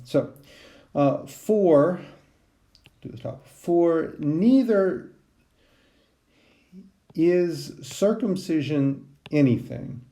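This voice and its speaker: A man's voice: on the low side, creaky, warm tone. A man teaching a Greek translation lesson, thinking aloud with many ums and restarts. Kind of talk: recorded class lecture.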